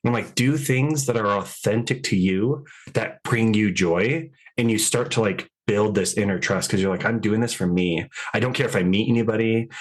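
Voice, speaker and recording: A man who works as a dating coach chats loosely on a podcast in a low voice. His tone is husky and full of casual fillers. He often acts out imagined conversations with clients. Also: normal speed.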